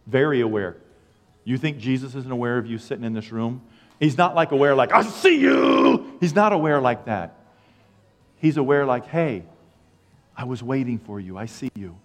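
A man preaching a sermon as pastor, acting out dialogue with lively asides. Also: medium pitch, big-room sound. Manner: animated, acts out dialogue, self-deprecating asides. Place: church sanctuary.

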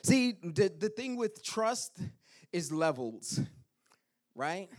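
A pastor delivers a chapel sermon in a high, lively voice that leaps up and down, unhurried and deliberate. He draws the congregation in with call-and-response and slips into hushed, whispered asides. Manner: animated preaching with call-and-response "Amen?"; drops to a whisper and quiet asides.

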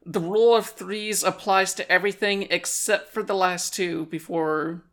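Co-host, mid-pitched voice, measured and reflective casual talk. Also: fairly even intonation, fairly bright tone. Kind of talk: casual chat about a video game.

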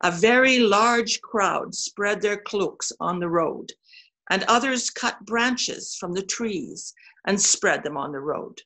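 Slow, gravelly woman reading scripture. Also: mid-range voice, expressive, a bit bright. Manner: slow, careful reading with small slips. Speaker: scripture reader.

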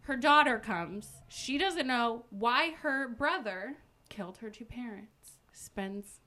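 A woman's voice: on the high side, takes it slowly. A young woman in a casual chat, animatedly retelling a book and acting out its characters' lines with lots of "like". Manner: animated storytelling, acts out characters' lines, frequent "like". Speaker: podcast co-host recapping a book.

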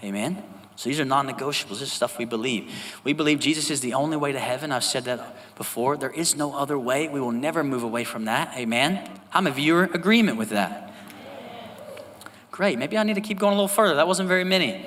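A male pastor preaching a sermon, talking to the congregation in a lively, conversational way and often asking for an "Amen". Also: on the high side, fast talker. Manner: conversational, animated, asks the congregation for responses. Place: church sanctuary. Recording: reverberant church hall with faint ambience.

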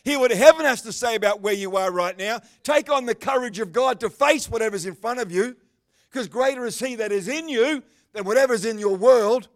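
High-voiced, animated male preacher. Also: fairly quick. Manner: animated preaching, swings between loud bursts and calm asides; talks with the congregation by name, chatty and joking. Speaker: pastor. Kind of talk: sermon. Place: church service.

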